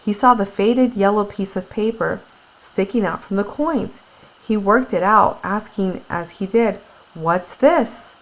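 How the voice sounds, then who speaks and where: A woman's voice: medium pitch, a little slow, low-quality recording. A woman teacher reading a novel aloud and retelling parts of it in casual words, with fillers. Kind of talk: classroom read-aloud with retelling.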